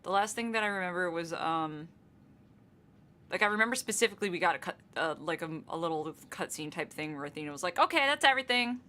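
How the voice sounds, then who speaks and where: A woman's voice: lowish voice, steady tone, fast talker, pushed and bright. A woman co-hosting a let's play, chatting playfully and teasing as she comments on the game.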